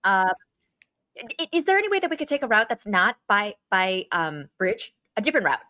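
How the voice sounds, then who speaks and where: A woman's voice: mid-range voice, sing-song, a little fast, sharp tone, no room sound. Woman player stumbling over her words, mid voice, dry close sound. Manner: hesitant, many fillers and stammers. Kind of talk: tabletop role-play.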